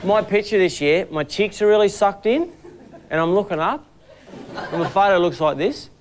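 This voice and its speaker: Male Australian stand-up, deadpan self-deprecating delivery. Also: sits high, normal speed, background noise. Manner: dry, self-deprecating storytelling. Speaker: stand-up comedian, presenter. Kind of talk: stand-up comedy and presenting.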